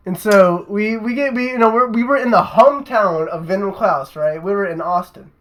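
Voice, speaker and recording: A man's voice: sits high, moderate pace, a bit bright, rough recording. A young man, a podcast host, telling a rambling, profane story in casual chat and tacking "right?" onto his sentences.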